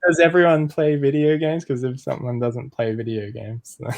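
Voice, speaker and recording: A man's voice: mid-range voice, flat delivery, normal speed, dry recording. A man hosting a casual group podcast, talking loosely with many fillers as he steers the topics. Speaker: podcast host. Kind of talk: casual chat.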